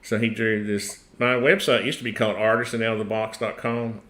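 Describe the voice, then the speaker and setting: A man's voice: fairly low pitch, level tone, brisk, a bit bright. A middle-aged man with a Tennessee accent hosting a casual livestream, rambling, chuckling and trailing off mid-sentence. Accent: Tennessee Southern US. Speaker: host.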